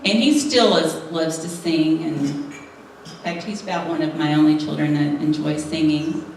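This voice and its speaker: In a reverberant hall, heard through a distant microphone with slight background noise, a middle-aged woman gives a lighthearted testimony at a women's church event. She laughs often. Her low voice is a little mellow, steady in tone and moderately paced.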